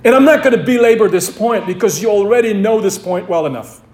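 Casting: emphatic male preacher, high voice, repeats his key lines, roomy echo. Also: animated, a little fast, a little mellow. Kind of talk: sermon. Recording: echoey room.

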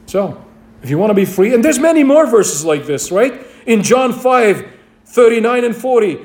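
A man's voice: very high-pitched, sing-song, moderate pace, a little mellow. A man preaching a sermon to his congregation, emphatic and repeating key phrases. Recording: echoey room.

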